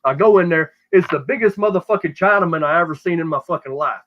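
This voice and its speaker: A middle-aged South Texas man with a Texan accent talks quickly in a slightly high voice. He tells a rambling, profane story in casual podcast style, restarting often. The audio is dull and lo-fi.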